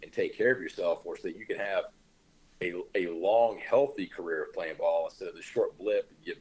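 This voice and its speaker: Casting: man, deep husky voice, relaxed podcast host, drawling coach-like advice. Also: moderate pace, low-quality recording. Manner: laid-back, drawling, coach-like advice with slang. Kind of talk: casual podcast chat.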